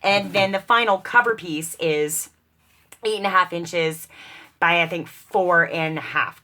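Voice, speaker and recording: Chatty self-deprecating crafting woman, bright voice. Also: low-pitched. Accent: mock British put-on. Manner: chatty, self-deprecating, laughs often, talks to viewers as she works. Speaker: crafting video host. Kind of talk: casual crafting chat while working.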